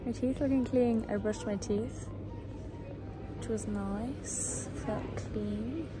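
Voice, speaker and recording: A woman's voice: on the high side, steady tone, takes it slowly, over loud music. A young woman chatting casually to her phone camera while travelling, rambling and laughing at herself, worn out from a long journey. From Ireland. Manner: chatty, rambling, self-mocking. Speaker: vlogger. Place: airport room and plane cabin.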